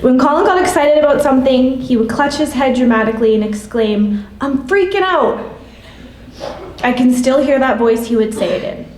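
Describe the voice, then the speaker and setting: A woman in her late thirties reading a prepared memorial tribute in a measured, gentle way. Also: high-pitched, fairly even intonation, slight background noise. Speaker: classmate giving a memorial tribute. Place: church hall. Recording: echoey hall from a distance.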